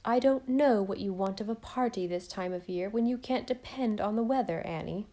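A woman voicing a fussy, self-pitying older aunt who speaks in a slow, reproachful drawl. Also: medium pitch, mellow, close to an everyday voice.

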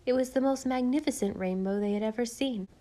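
A woman narrates a children's classic as an audiobook. Her telling is measured and expressive, with a calm, even way of reading. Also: a little high. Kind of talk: scripted narration.

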